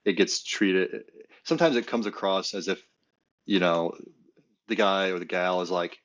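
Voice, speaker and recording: A man co-hosting a casual podcast, telling stories in a relaxed, halting way with many fillers. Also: low voice, dull audio. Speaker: podcast co-host. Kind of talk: casual chat.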